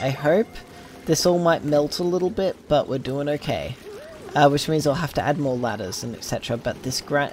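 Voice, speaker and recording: A medium-pitched, slightly mellow voice carries this man's casual gameplay commentary, with a little hiss or hum on the recording. He rambles and thinks aloud, peppering it with ums and side tangents.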